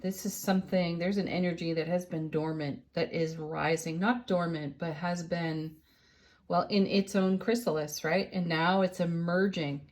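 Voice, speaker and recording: Slow, low-voiced woman reading tarot. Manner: unhurried, gentle, often laughing softly. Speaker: tarot reader and channel host. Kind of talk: daily tarot card reading.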